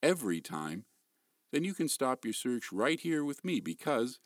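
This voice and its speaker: A male voice actor gives a polished voiceover demo pitch showing off his range of voices and accents, recorded close on a studio mic. His pitch swings widely at a moderate pace, and the recording is dry.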